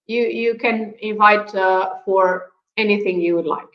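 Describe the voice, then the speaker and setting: A woman's voice: mid-range voice, fairly even intonation, unhurried, highs cut off. Woman teaching over an echoey call. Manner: patient, explaining, laughs often. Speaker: Portuguese teacher. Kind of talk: live online language lesson.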